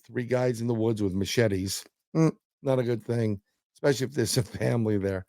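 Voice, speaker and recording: A man's voice: mid-range voice, creaky, darkish tone, dry recording. A man, a paranormal investigator, telling a story as a guest in a casual interview; he rambles, repeats words and acts out quotes.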